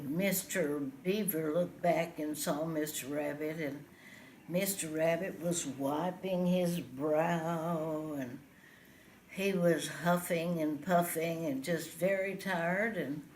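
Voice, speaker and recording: A woman telling a folksy animal tale, unhurried and pausing often with "uh". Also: sits low, darkish tone, a little hiss or hum. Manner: unhurried, with many "uh" pauses. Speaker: storyteller. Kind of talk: folksy spoken storytelling.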